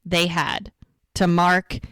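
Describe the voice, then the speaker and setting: She has a smooth voice on the low side and speaks slowly, with no echo in the recording. Co-hosting a podcast, she casually goes over a TV episode in a lively retelling, acting out the characters' dialogue.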